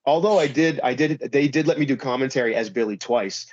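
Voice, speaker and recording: A man's voice: medium pitch, a little fast, a little mellow, slight background noise. A man being interviewed as a wrestler, talking casually and rambling with lots of "like" and "you know". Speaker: pro wrestler guest. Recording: slightly dull, dry recording.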